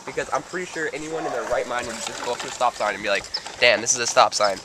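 A man's voice: medium pitch, fast. A young man co-hosting a casual vlog outdoors, teasing and sarcastic and swearing freely, recorded on a handheld camera. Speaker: vlog co-host. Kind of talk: casual goofing-around vlog. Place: outdoors on a walk. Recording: loud outdoor noise on camera audio.

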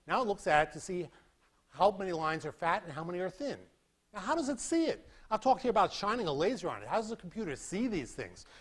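Man, physics lecturer, lecture hall, animated, lively pitch, slightly high voice. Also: brisk, slightly rough. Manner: animated, acts out beeping sounds and demonstrates with props. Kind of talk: classroom lecture.

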